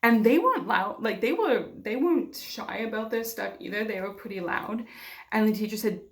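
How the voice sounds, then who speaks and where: A woman's voice: on the high side, expressive, moderate pace, vocal fry. A young woman vlogger telling a personal story to camera in a candid, conversational way with many fillers.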